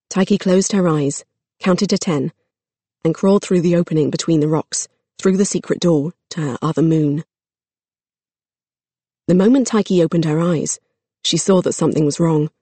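A narrator reading a children's fantasy story aloud at a steady, measured pace. The voice sits mid-range and is recorded close and dry, with no echo in the room. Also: medium pitch.

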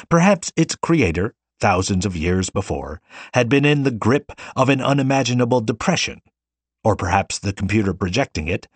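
A man narrating a science fiction audiobook in a measured, expressive way. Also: lowish voice, no echo.

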